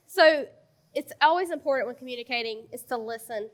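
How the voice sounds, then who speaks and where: A woman's voice: high voice, moderate pace. A woman in her thirties speaking frankly to a church audience about marriage, with direct advice and laughing asides. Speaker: co-presenter at a marriage conference. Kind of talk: conversational church talk.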